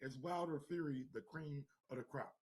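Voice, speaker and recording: A man keeps stepping into a heated casual debate, repeating words as he tries to take over. His voice is fairly high and a little husky. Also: normal speed, a little mellow. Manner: stammering, repeats words to break in.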